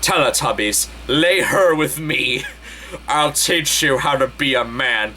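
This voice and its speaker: A man voicing a male wizard professor who speaks calmly, softly and low, drawing out his words. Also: slow pace, a little hiss or hum. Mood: sultry. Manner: calm, soft, low and drawn out.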